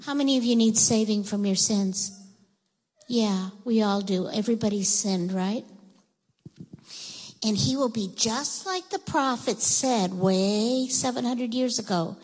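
Woman, children's minister, animated storytelling, coaxing questions, reverberant church sanctuary. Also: on the high side, a little slow.

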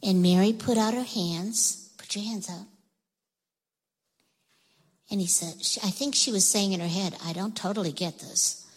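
A woman telling a Bible story to children in church, animated and coaxing, asking them questions as she goes. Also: medium pitch, measured pace, pauses often, breathy edge, long reverb tail, poor audio. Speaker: children's minister. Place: church sanctuary.

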